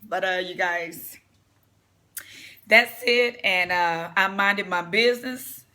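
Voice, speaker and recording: A man's voice: high-pitched, slow pace, bright, forceful tone. A man giving casual vlog commentary, blunt and profane, rambling with fillers and telling a personal story. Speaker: vlogger.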